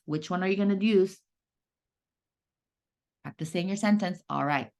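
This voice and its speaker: A woman's voice: on the low side, normal speed, pauses often. A woman teaching a first grade writing lesson, patient and sing-song, stretching out key words for young children.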